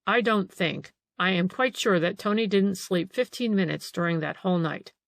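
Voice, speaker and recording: Woman playing a persistent male detective, calm, steady questions, dry close audio. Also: medium pitch, moderate pace, vocal fry, no echo, natural voice. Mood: probing. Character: probing male police detective. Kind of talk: audiobook character reading.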